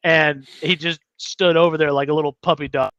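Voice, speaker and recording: A podcast co-host from the United States tells an animated story in easygoing chat, slipping into the voices of the people he quotes. His voice is a little high and fairly quick, captured as dull audio with no room sound.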